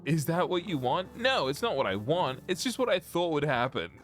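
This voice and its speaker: Young male streamer, lively and bouncy delivery, rambles and jokes with his chat, faint music behind. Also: fairly high pitch, normal speed. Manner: joking, rambling, reads chat aloud. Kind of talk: casual live-stream chat. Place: at home.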